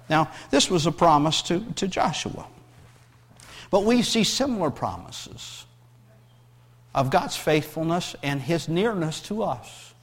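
A middle-aged male pastor preaching a sermon, often repeating words and restarting phrases, moving between hushed, tender passages and raised, emphatic scripture reading. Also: on the high side, lively intonation, takes it slowly, long pauses, breathy edge, in a large hall.

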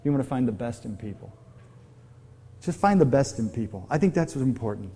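Mellow-voiced male pastor preaching. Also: mid-range voice, expressive, brisk, breathy edge. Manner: conversational, asks the audience many questions. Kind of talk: sermon.

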